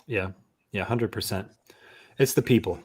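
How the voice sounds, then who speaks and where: A man's voice: lowish voice, measured pace, husky, no room sound. A man hosting a casual video chat, friendly and hesitant, with many fillers. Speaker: host.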